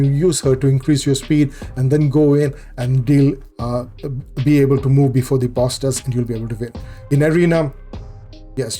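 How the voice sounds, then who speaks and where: A man's voice: medium pitch, dark tone. A man hosting a gaming channel, explaining a game guide casually and often repeating and correcting himself with fillers.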